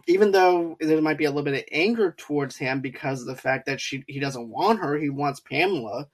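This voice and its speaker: A man's voice: on the high side, fairly quick. A man co-hosting a movie review podcast, retelling scenes at length with chuckles. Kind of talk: casual chat.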